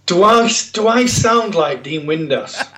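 A man's voice: sits high, expressive, a little slow, fairly bright tone. Good-humoured South Yorkshire man. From South Yorkshire, England. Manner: good-humoured, self-mocking. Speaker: guest, former footballer. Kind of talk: casual interview chat.

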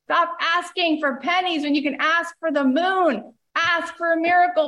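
A woman hosting a motivational podcast, with a fairly high voice. She talks with eager emphasis and stacks repeated phrases into rhythmic runs. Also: animated, moderate pace, few pauses, fairly bright tone. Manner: uses spiritual self-help vocabulary. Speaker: podcast host.

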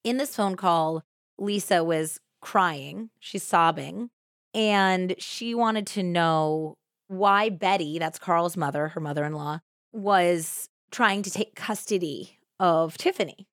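A woman with a fairly low voice recounts a true crime case for her podcast. She talks casually and jumps up in pitch when she acts out what people said. The sound is dry and close, with no room around it. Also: takes it slowly, dry recording. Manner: conversational, animated when acting out quotes. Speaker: podcast host.

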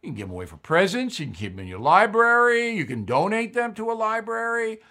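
A man's voice: sits high, big pitch swings, quick pace, bright, forceful tone. An older man hosting a commentary show, blunt and opinionated, reading ads and giving his views with emphatic repetition.

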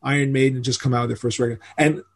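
An older man from New York, a rock musician telling stories in a casual interview, animated and acting out the voices of people he quotes. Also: medium pitch, fast, breathy edge. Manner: animated storyteller who acts out quoted voices.

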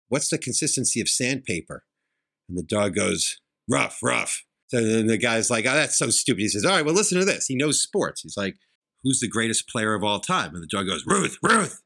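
A man's voice: on the low side, pushed and bright. A man co-hosting a sports podcast, telling a long joke and acting out its characters. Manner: storytelling, acting out characters in jokes. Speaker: podcast co-host.

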